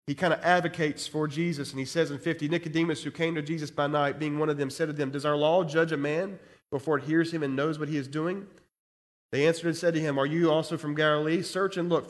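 Male pastor, high voice, passionate scripture reading and commentary. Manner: reads verses aloud with rising intensity, adds commentary. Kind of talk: expository sermon reading scripture.

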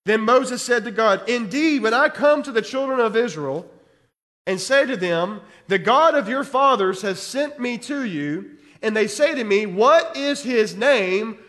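A male pastor with a notably high voice teaches from scripture, reading verses aloud and explaining them point by point. He keeps checking in with "okay?" as he goes. His voice carries a long reverb, like a big room. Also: expressive, measured pace, fairly bright tone. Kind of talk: sermon.

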